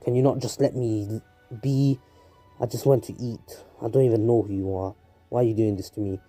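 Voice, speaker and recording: With a lowish voice at a brisk pace, a man voices a listless, depressed teenage boy ninja from a fan story. His delivery is flat and weary, with soft, faint music in the background.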